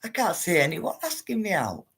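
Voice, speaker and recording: A woman hosts a livestream and talks straight to her viewers, calling them guys and love. She rambles from point to point in a chatty, familiar way. Her voice sits fairly low for a woman. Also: very animated, moderate pace, a bit bright, husky. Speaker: livestream host reading viewer comments. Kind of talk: casual livestream chat to viewers.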